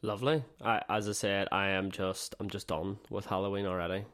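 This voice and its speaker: A man's voice: fairly low pitch, little pitch movement, a little fast, a bit bright. A man co-hosting a podcast in casual chat, blunt and teasing with a drawl. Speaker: podcast co-host.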